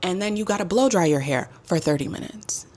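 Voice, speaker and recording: Low-voiced sassy woman vlogger. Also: brisk. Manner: sassy, emphatic, animated storytelling. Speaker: travel vlogger. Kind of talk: casual storytime vlog.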